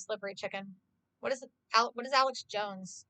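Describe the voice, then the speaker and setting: A woman's voice: medium pitch, a little fast, pushed and bright, dry recording. A woman streamer in casual live-stream chat, talking freely to her viewers, swearing often and filling her talk with "like". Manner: chatty, swears often, heavy use of "like".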